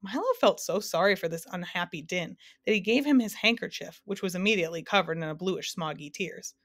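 A woman narrating a storybook with a steady, expressive reading. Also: fairly low pitch, a little fast, no room sound, clean studio sound.

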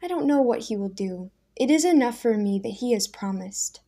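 A woman reading aloud and voicing a humble, poor man who speaks slowly and steadily with quiet conviction. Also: on the high side, expressive. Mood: calm, steady.

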